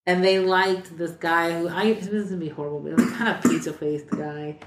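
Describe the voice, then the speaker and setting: A woman with a fairly low voice tells a casual story as a podcast guest, jumping up into other voices whenever she quotes someone. She sounds animated throughout. The room around her is echoey. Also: brisk. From Texas. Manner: animated, acts out quoted lines in raised voices.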